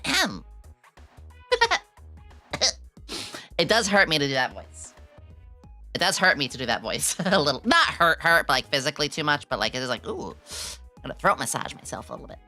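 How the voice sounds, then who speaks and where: A woman in her thirties chatting casually on a stream, excitable and quick to break into squealing laughter. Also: low-pitched, faint music behind.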